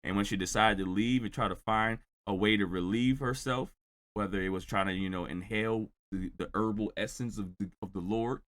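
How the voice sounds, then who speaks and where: A man's voice: lowish voice, fairly even intonation, fairly quick, fairly bright tone. A man hosting a reaction channel, recapping a video in a rambling, sarcastic way. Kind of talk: reaction commentary.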